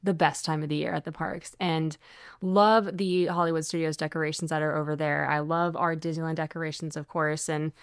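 A woman's voice: sits low, level tone, brisk, smooth, no echo. Young female co-host, bubbly and gushing, casual chat, dry close mic. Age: young adult. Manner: bubbly, gushing, frequent fillers. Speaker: podcast co-host.

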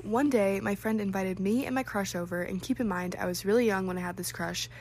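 A woman's voice: mid-range voice, brisk, darkish tone, slight background noise. A young woman vlogging in a casual, chatty way, reading out viewers' embarrassing stories and reacting with frequent "like"s and giggles. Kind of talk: casual chat.

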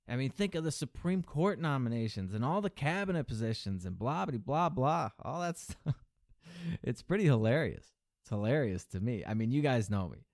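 A man's voice: lively intonation, moderate pace, darkish tone, no room sound, studio quality. A man hosting a podcast, delivering a sneering, profane political rant and mocking his opponents. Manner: mimics opponents in a higher mocking voice. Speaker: podcast host. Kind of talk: political commentary monologue.

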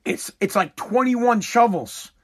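A fed-up man, swearing freely as he rants through a long casual monologue. His voice sits notably high for a man, and his delivery is emphatic and exasperated. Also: expressive, slow, fairly bright tone. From New England. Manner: exasperated, profane, emphatic ranting.

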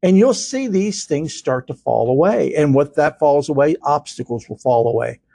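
Earnest preaching man, lively voice. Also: fairly high pitch, normal speed, vocal fry, breathy edge, no room sound. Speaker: podcast host. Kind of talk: spiritual podcast talk.

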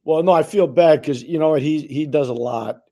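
Emphatic man with a mellow voice. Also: a little high, fairly quick, gravelly. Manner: emphatic, repeats for stress. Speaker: podcast co-host. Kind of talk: casual podcast chat.

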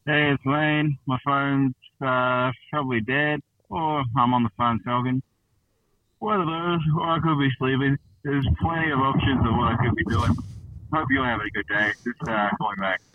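A man's voice: mid-range voice, moderate pace, no echo. A man leaving a laid-back, rambling phone voicemail greeting. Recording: tinny phone voicemail from far off.

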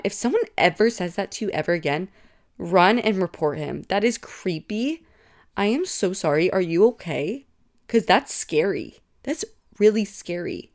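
A young woman hosting a casual podcast, talking in a gossipy, reactive way with lots of "like" filler. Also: medium pitch. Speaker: podcast host.

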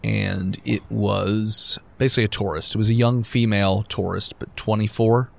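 A man's voice: fairly low pitch, steady tone, moderate pace, creaky. A man running a tabletop game as game master, talking in a casual, laid-back way and swearing. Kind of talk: tabletop role-play podcast.

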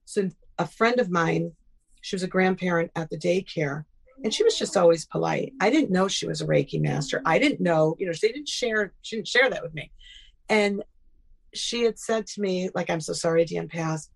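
A woman's voice: fairly low pitch, moderate pace, vocal fry, slightly rough. A middle-aged woman telling personal stories in a casual interview, acting out quoted dialogue. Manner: animated, acts out quoted dialogue. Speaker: guest.

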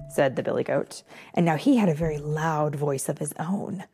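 A woman's voice: low-pitched, moderate pace, mellow, soft background music. A woman reading a fairy tale aloud to a child with playful, chatty asides to the listener. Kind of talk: playful read-aloud storytelling.

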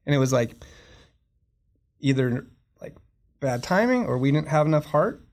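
A man's voice: a little high, expressive, normal speed. A man who surfs and makes films, talking as a podcast guest in a loose, rambling way, full of fillers and restarts. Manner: rambling, searching for words, many fillers. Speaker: podcast guest, surfer and filmmaker. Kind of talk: casual podcast conversation.

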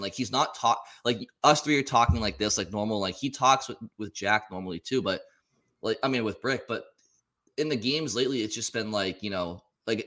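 A man's voice: fairly low pitch, fairly bright tone. A man co-hosting a casual sports talk show, rambling and often stumbling over repeated words. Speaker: podcast co-host.

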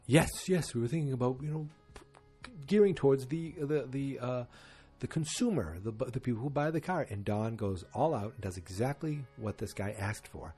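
A man's voice: deep voice, dark tone. A man casually recapping a TV episode, rambling and correcting himself as he goes. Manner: rambling, self-correcting, many fillers.

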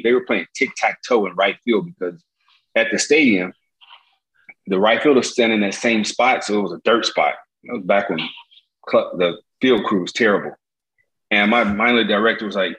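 A man from Gary, Indiana in his fifties, a former baseball pitcher telling stories as a guest and acting out the voices of the people he quotes. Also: low-quality recording. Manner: animated, acts out quoted voices. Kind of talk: casual storytelling.

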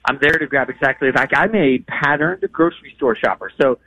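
Fast, bright-voiced radio host man. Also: medium pitch, vocal fry, highs cut off. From Nashville, US South. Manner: fast, energetic and animated. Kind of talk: casual sports radio chat.

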